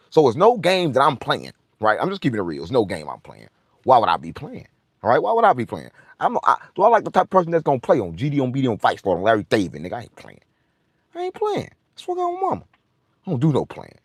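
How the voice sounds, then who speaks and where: Lively, boastful male storyteller. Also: medium pitch, husky, no echo, clean studio sound. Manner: profane, repetitive, boastful. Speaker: show host. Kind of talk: casual storytelling rant.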